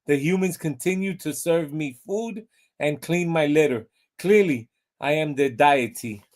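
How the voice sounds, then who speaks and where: A man's voice: fairly high pitch, measured pace, darkish tone, close to an everyday voice. A man reading the diary of a haughty, superior female cat in a joke.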